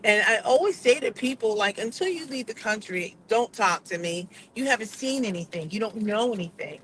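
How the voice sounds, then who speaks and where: A woman's voice: on the high side, expressive, moderate pace, a bit bright, slight background noise, rough recording. An American woman giving casual, digressive opinion commentary in a vlog, acting out the voices she quotes. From United States. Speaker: vlogger.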